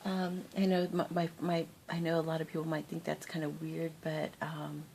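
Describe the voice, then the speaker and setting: A woman with a notably low voice talks casually to her viewers about crafting. She rambles from story to story and laughs often. A faint low rumble sits under her voice. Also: monotone, moderate pace, creaky, a little mellow. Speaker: crafting vlogger. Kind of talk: casual chat to camera.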